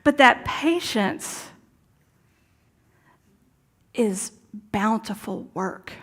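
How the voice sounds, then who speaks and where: A woman's voice: on the high side, expressive, drawn-out words. Earnest woman preaching conversationally. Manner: conversational, earnest, drops to soft asides. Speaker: minister. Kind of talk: sermon. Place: church sanctuary.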